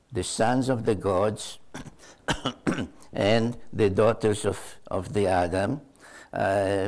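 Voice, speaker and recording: A man's voice: fairly low pitch, darkish tone. An older male author giving an unscripted storytelling answer to a question, hesitant and full of uh fillers and repeated words.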